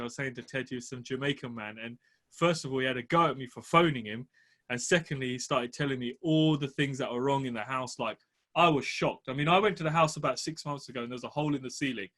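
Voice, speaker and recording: A man, a property podcast co-host telling a story in an animated, laughing way. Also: mid-range voice, quick pace. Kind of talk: casual storytelling.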